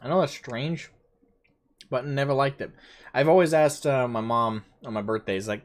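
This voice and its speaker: A man's voice: mid-range voice, normal speed. A man streaming a game live, chatting casually and rambling to his viewers.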